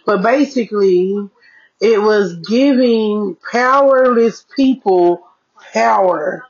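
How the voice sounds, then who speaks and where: A woman's voice: medium pitch, slow, muffled recording. A woman hosting a casual blog podcast from her bedroom desk, talking loosely to her listeners as y'all and stretching out key words. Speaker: podcast host.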